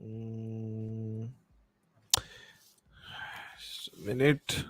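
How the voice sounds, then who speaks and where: A man with a bad cold hosts a casual live stream, his voice on the low side, flat, with drawn-out words. He chats and reads viewer comments aloud, mixing Hindi into his English.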